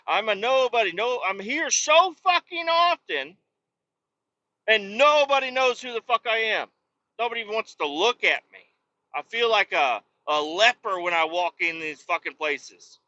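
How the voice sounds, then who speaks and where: A man's voice: sits high, pushed and bright, no echo, lo-fi sound. A man hosting his own podcast, ranting casually and profanely while driving, complaining with self-mocking humor. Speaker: podcast host. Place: vehicle on the road.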